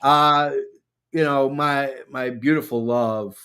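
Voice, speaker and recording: A man hosting a casual chat show, rambling along with many filler pauses. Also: mid-range voice, steady tone, pushed and bright, smooth. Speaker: podcast host.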